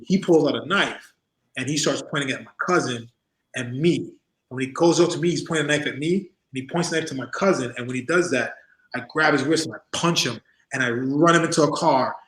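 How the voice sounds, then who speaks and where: A man's voice: mid-range voice, fairly quick, echoey room, poor audio. A man in his forties, a former wrestler, telling stories in a casual interview, laughing often and acting out other people's voices. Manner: animated storyteller, acts out voices, laughs often.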